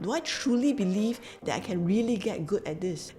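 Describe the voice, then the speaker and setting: A woman's voice: medium pitch, animated, normal speed, hardly any pauses, a little mellow, soft background music. A woman with a Singaporean English accent telling her story as a business coach in an earnest, emphatic way, repeating key phrases. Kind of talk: motivational storytelling to camera.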